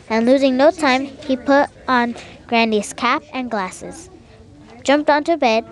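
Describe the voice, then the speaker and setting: Woman narrator for a read-aloud storybook, lively, slightly higher voice. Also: a little slow. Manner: lively, with small slips. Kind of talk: storybook reading.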